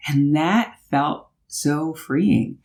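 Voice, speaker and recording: A middle-aged woman vlogger telling a personal story in a chatty, animated way while driving on a road trip. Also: low-pitched, very slow, vocal fry.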